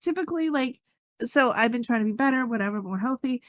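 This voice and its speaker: Casting: rambling, chatty female podcast co-host, slightly high voice, dry close sound. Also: animated, fast, no echo. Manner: rambling storyteller, full of "like". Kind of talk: casual chat.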